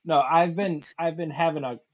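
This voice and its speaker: A man's voice: a little high, steady tone, normal speed, background noise. A man running a tabletop game as game master, crude and joking, with a sore throat from a cold. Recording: muffled lo-fi recording.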